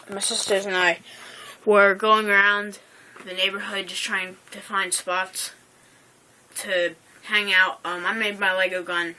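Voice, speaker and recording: Here a teenage girl with a lowish, pushed, bright voice vlogs into her phone outside a house. The talk is loose and rambling, broken up by many fillers, ums, and corrections of herself.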